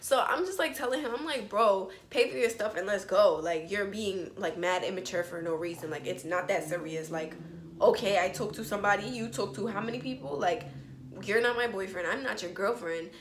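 Young woman, storytime vlogger, chatty, animated, echoey room, faint background hum. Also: mid-range voice. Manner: animated, chatty, quick asides to viewers. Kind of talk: storytime vlog, casual chat.

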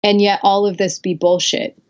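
A woman's voice: mid-range voice, level tone, normal speed, darkish tone. Reflective woman guest on muffled audio. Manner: reflective, with frequent fillers and self-corrections. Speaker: podcast guest. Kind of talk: candid personal storytelling. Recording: dull lo-fi audio.

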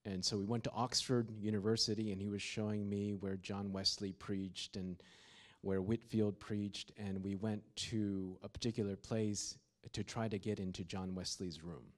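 Low-voiced man preaching a sermon. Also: steady tone, normal speed. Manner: storytelling, rising to emphatic fervor. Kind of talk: sermon with opening prayer. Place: university chapel or hall.

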